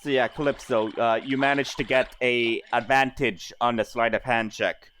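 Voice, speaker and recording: A man's voice: mid-range voice, fairly even intonation, moderate pace, fairly bright tone, slight background noise. A man running a tabletop game as game master, talking in a hesitant way with many fillers and restarts.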